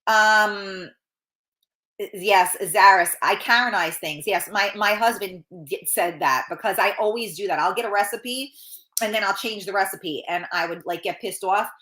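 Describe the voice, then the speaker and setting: A woman's voice: medium pitch, unhurried, bright, forceful tone. A middle-aged woman hosting a casual live stream, chatting bluntly and swearing freely while reading out viewer comments, with a runny nose. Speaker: talk show host reading viewer comments.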